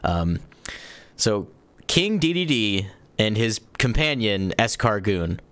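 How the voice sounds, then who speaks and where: A young adult man hosting a casual podcast, telling stories in an animated, rambling way and laughing often. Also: lowish voice, slow, smooth, no echo. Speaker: podcast host.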